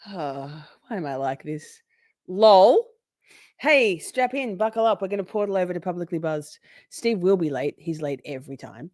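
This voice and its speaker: A woman's voice: lowish voice, normal speed, pauses often, a little mellow, no echo. A woman hosting a livestream, chatting casually in a rambling, playful way and swearing often. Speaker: livestream host.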